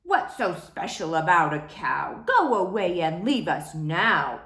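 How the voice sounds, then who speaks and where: A woman's voice: fairly low pitch, big pitch swings, takes it slowly, a bit bright, roomy sound, pitched below the performer's own voice, exaggerated voice. A woman doing snooty, unfriendly zoo animals. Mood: gruff.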